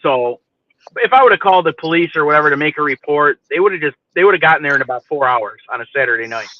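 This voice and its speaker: Profane, animated man telling a story. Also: a little high, fast, no room sound. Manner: profane, animated, keeps asking "you know what I mean". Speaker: podcast host telling a story. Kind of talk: casual storytelling chat. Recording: dry, phone-like lo-fi sound.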